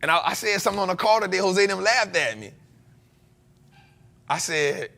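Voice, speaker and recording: Male host: high voice, very lively delivery, slangy, laughs easily. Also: moderate pace, creaky. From United States. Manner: animated, slangy, laughs often. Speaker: show host. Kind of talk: casual storytelling.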